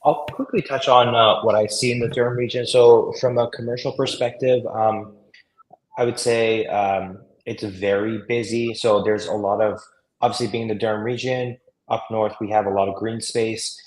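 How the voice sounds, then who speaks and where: A man who is a realtor guest on a round table video call, speaking in a measured way with many fillers. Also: lowish voice, flat delivery. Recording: echoey room.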